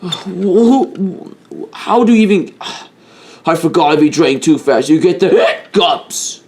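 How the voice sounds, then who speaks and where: A man's voice: sits high, takes it slowly, a little mellow, voice pushed up. A man voicing a male wolf who has the hiccups and complains with an exasperated, whiny manner in a homemade toy-animal story. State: suffering from hiccups. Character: blue male wolf hero, easily annoyed.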